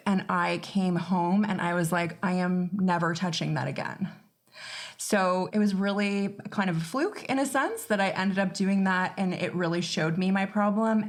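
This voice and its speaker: A woman psychotherapist, a podcast guest, candidly and thoughtfully telling her personal story in a casual interview. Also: on the low side.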